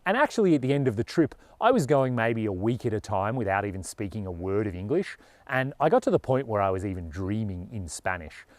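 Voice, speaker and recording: A man's voice: fairly low pitch, very animated, fairly quick, no echo. Aussie guy vlogging, chatty and earnest, says "you know" a lot, dry close sound. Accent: Australian. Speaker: overland traveler and vlogger. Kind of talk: casual talk to camera.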